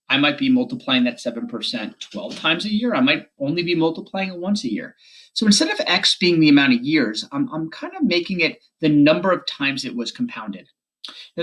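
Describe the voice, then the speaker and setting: Husky-voiced man teaching math quickly. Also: a little high, a bit bright. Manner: quick explanatory talk with self-corrections. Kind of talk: recorded video lesson.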